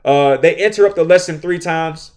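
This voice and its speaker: A man's voice: on the high side, normal speed, darkish tone. A man with a slightly raised voice talks through his classroom advice on a podcast. He hammers points home by repeating them and keeps asking "all right?" to keep the listener with him. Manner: acts out his own classroom lines. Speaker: teacher hosting a podcast.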